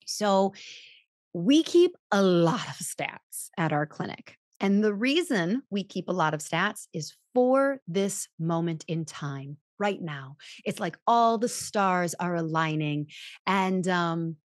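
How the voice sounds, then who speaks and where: Speaking slowly with lively intonation in a lowish voice, a female chiropractor runs a podcast offering casual business advice. She's chatty and pokes fun at herself, acting out the voices she quotes; the studio-quality audio has no room sound.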